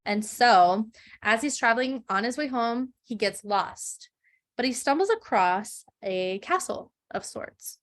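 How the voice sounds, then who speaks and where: A woman co-hosting a podcast, retelling a fairytale in an animated, chatty way with giggles. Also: a little high, a little slow. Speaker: podcast co-host. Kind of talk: casual storytelling chat.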